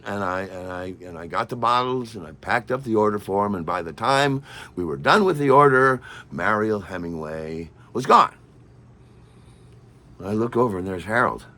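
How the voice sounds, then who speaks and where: Animated wry male storyteller. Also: fairly low pitch, normal speed. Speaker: storyteller host. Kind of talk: humorous personal storytelling.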